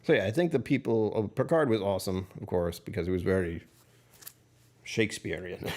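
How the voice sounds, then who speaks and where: A man's voice: lowish voice, a little fast, darkish tone. A middle-aged man streaming live, rambling through casual chat with his viewers and chuckling often. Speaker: livestreamer.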